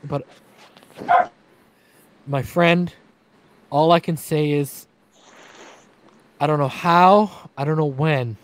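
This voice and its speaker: A man hosting a sports talk stream, his voice sitting a touch high. He talks in an earnest, emotional way, crying and circling back over the same words. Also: fairly even intonation, takes it slowly, pauses often. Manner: emotional, repeats himself, earnest. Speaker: podcast host. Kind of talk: casual sports talk livestream. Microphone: streaming setup, remote call.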